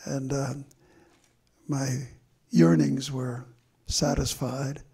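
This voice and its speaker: An older man with a gravelly, rough-edged voice tells stories from his own life at a live stage talk. His tone is heavily husky and worn, and he moves slowly and thoughtfully through his memories with long pauses. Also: medium pitch, level tone, warm tone. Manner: slow and reflective, with drawn-out pauses. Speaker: memoir author in conversation. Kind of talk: reflective storytelling at a live talk. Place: stage event before an audience.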